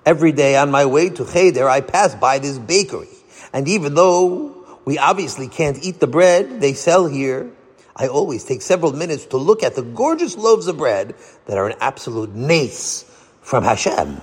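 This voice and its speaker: A warm, patient rabbi leads his students with gentle teaching questions, as a man voices him. His voice is slightly husky and moves expressively through its range. The sound carries a long reverb. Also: on the high side, animated, normal speed, pitched above the performer's own voice.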